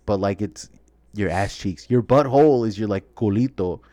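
A man hosting a podcast in casual chat, laughing often and acting out friends in quick voices. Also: fairly low pitch, warm tone. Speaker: podcast host.

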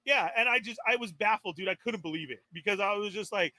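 A man with a high, bright voice tells a story with excitable energy. He is plainly exasperated and acts out the lines he quotes. The sound is dry and close. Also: fast, dry recording. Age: adult. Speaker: toy podcast co-host. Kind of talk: animated storytelling on a live stream.

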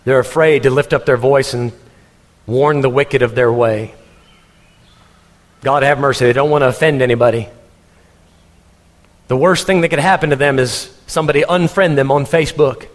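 A man from Texas, preaching a sermon in an animated storytelling manner and laughing as he goes. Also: mid-range voice, big-room sound. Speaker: pastor.

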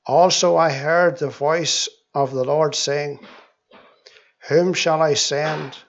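A man with a somewhat high voice reads scripture and leads prayer at a church meeting. He speaks very slowly and deliberately, circling back to the same words as he prays. The recording is dull and lo-fi. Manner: slow and deliberate, with frequent repeated words in prayer. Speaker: church speaker giving his testimony. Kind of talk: Bible reading, prayer and testimony.

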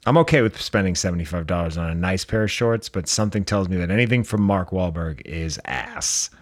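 A man co-hosting a podcast, trading deadpan, cynical jokes in casual banter. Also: deep voice, a little fast. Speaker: podcast co-host.

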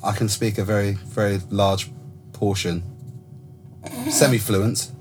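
A man's voice: on the low side, level tone, unhurried, a little hiss or hum. A man from Germany, working as a tour manager, chatting casually in a camp, playful manner. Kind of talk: casual chat.

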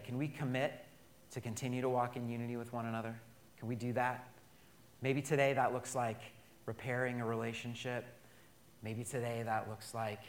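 A man preaching a sermon as pastor, drawing call-and-response from the congregation and swinging between emphatic and quiet delivery. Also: mid-range voice, a little hiss or hum.

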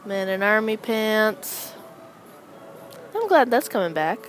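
A young adult woman hosting a casual solo chat, rambling with wry, deadpan asides as she comments on people passing by. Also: medium pitch, slow, soft background music, rough recording. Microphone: close microphone.

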